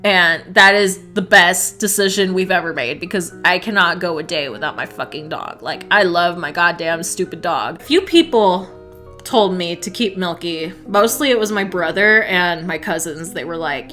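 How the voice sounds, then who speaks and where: A woman's voice: on the low side, normal speed, pushed and bright, soft background music. A young woman telling a casual story-time vlog, chatty and swearing a lot. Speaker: vlogger.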